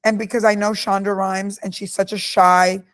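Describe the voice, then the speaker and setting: A middle-aged woman in an interview, telling stories about her life with emphatic, forceful delivery. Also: medium pitch, level tone, moderate pace. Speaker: guest speaker. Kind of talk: candid interview answers.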